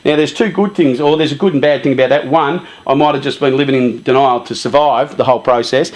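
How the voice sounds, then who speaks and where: A man giving a casual, lively talk to a youth group, often saying "you know" and "um". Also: mid-range voice, fast talker.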